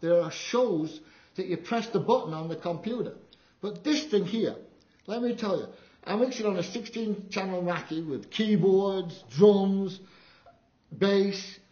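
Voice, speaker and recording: Older man, sound engineer, animated anecdotes, lecture hall, echoey, muffled. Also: unhurried. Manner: animated storyteller, acts out quotes with big pitch jumps. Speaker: live sound engineer giving a talk. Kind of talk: anecdotal presentation to an audience. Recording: dull, roomy hall recording.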